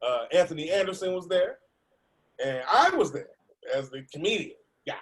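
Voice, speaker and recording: A man, a comedian, telling an animated story over a video call, laughing and acting out the voices of other people. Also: high voice, normal speed. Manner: laughing, acts out voices in his stories. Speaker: comedian guest.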